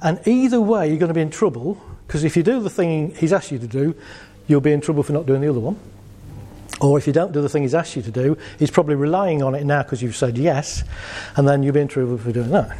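Middle-aged man, warm relaxed timbre, chatty live-talk speaker with a joking streak. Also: fairly high pitch, quick pace. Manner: chatty, jokey, laughs at his own stories. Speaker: speaker giving a talk on assertiveness. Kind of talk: casual talk to a live audience.

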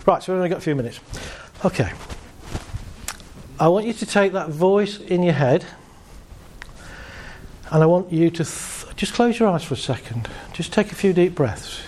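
A man working as a therapist, calmly guiding a group through a visualization exercise and laughing lightly between points. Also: high voice, normal speed, long pauses, a little hiss or hum.

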